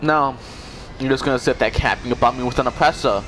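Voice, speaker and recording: A man's voice: mid-range voice, quick pace, a bit bright, a little hiss or hum. Sarcastic young man trash-talking. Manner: sarcastic, mocking, swearing. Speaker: gamer. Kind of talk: trash-talking online game voice chat.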